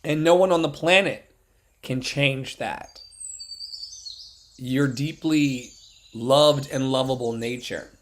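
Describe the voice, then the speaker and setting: A man's voice: mid-range voice, slow pace, pauses often. A man giving an impassioned motivational talk as a life coach, preachy and emphatic, repeating lines for emphasis. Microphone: phone or webcam livestream.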